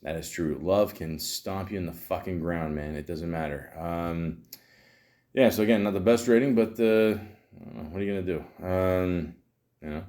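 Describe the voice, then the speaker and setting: A man's voice: deep voice, moderate pace, warm tone. A Canadian man hosting a podcast, rambling casually and self-deprecatingly, with frequent swearing. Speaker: podcast host. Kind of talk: casual solo commentary.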